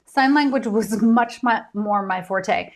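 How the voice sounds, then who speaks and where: An author hosting a casual live stream from home, chatty and giggly with many ums. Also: female voice, mid-range voice, takes it slowly.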